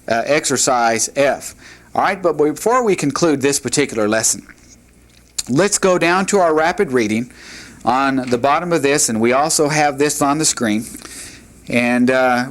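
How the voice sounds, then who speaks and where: A man teaching a Hebrew lesson, working through exercises and reading words aloud slowly and patiently. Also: a little high. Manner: slow, patient, sounds out words. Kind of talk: classroom lecture.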